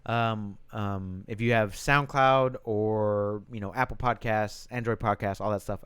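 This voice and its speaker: A man's voice: on the low side, fairly even intonation, measured pace, fairly bright tone, clean tone, dry recording. A man co-hosting a casual podcast, teasing his partner bluntly and swearing freely. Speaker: podcast co-host. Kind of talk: casual chat.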